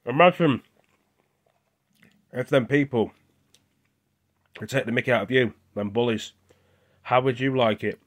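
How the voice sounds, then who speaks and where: A young British man talking with his mouth full, venting in a rambling, indignant casual vlog. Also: mid-range voice. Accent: British English. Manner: rambling and indignant, with restarts and repeated words. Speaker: vlogger.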